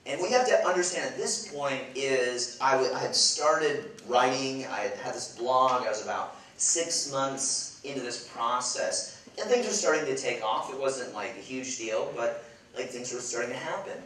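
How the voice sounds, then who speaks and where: A man's voice: mid-range voice, normal speed, slight background noise. Man telling a funny story in an echoey hall. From Chicago. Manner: lively, self-mocking, playful asides to the audience. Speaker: event speaker. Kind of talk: humorous storytelling talk. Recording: echoey hall, far from the mic.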